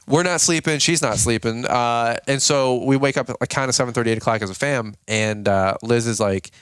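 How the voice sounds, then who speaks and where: A man's voice: medium pitch, brisk, clear, resonant tone, no room sound, studio quality. A sleep-deprived man hosting a casual podcast from a home nursery, telling stories with jokes and playful impressions. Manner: joking, animated storytelling with playful impressions. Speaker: podcast host.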